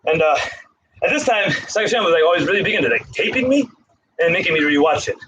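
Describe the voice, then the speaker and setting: A man's voice: on the high side, lively intonation, fast, background noise. A man in his thirties, a karate instructor, talking casually and counting out of breath while doing push-ups, rambling between stories. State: out of breath from exercise.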